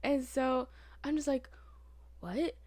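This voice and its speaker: A young woman co-hosting a podcast, telling a story in a chatty, animated way full of fillers. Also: lowish voice, moderate pace, no echo. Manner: chatty, animated, filler-heavy with frequent laughs. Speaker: podcast co-host. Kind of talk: casual chat, storytelling.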